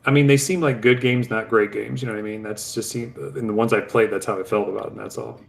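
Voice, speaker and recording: A man's voice: fairly low pitch, fairly even intonation, fast talker, creaky, a little hiss or hum. A man co-hosting a casual gaming podcast, blunt and skeptical about hyped games.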